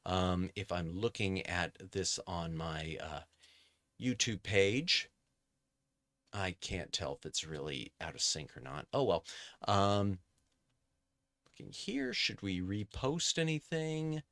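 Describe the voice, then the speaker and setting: A man's voice: low-pitched, slow pace, a bit bright, no room sound, clean studio sound. A man streaming a video game, chatting casually and correcting himself as he plays. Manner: chatty, self-correcting, talks to chat. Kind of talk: casual gameplay commentary.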